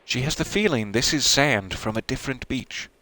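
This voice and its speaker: A man's voice: medium pitch, lively intonation, normal speed, pushed and bright, low-quality recording. A man hosting a let's play, reading the game's text aloud and adding dry, self-mocking asides.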